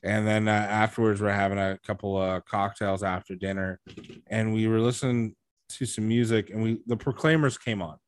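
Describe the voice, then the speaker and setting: A man's voice: fairly low pitch, fairly even intonation, moderate pace, smooth, dry recording, clean studio sound. A man co-hosting a podcast in casual chat, recommending things with enthusiasm and some stumbling restarts. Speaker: podcast co-host.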